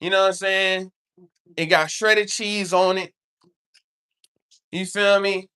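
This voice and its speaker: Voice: medium pitch, fairly even intonation, takes it slowly, pushed and bright, clean tone. A livestreamer talking in a casual, meandering way, constantly checking in with viewers and repeating the same filler phrase. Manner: meandering, repeats "you know what I'm saying" often. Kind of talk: casual rambling livestream chat.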